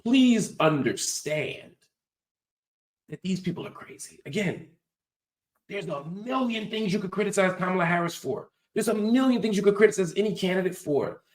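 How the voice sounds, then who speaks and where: Male host, higher-pitched and very animated, emphatic lecture-style commentary, throws rhetorical questions. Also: moderate pace, reverberant. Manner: frequent "right?" tag questions; profanity-laced colloquial talk. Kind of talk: political commentary monologue.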